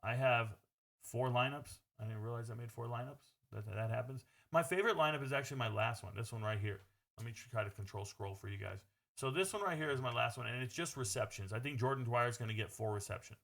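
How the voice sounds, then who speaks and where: A man's voice: medium pitch, quick pace, creaky, fairly bright tone. A man talking through his sports betting picks in a casual, brash monologue, blunt and swearing freely as he addresses viewers as "bro.".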